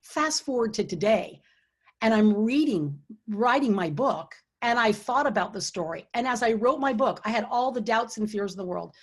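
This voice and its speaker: A woman's voice: fairly high pitch, lively intonation, normal speed, slightly rough. A middle-aged woman hosting an online book launch, giving earnest, encouraging leadership advice and telling personal stories. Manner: earnest and encouraging, drops to a hushed tone when retelling quiet moments. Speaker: author and host of a book launch. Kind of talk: online event talk with storytelling. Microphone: computer or webcam mic for an online event.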